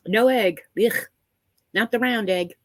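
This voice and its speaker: A woman's voice: a little high, measured pace, dry recording, low-quality recording. A woman chatting casually on a live stream from home, congested from a head cold, rambling and laughing often as she greets viewers by name. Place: small room at home.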